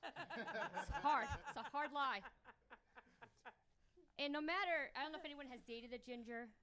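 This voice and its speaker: A woman's voice: sits high, unhurried, a crowd in the background. Brash, crude woman doing stand-up. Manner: crude, brash punchlines with big vocal jumps. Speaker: stand-up comedian. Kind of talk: stand-up comedy set. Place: comedy stage before a live audience.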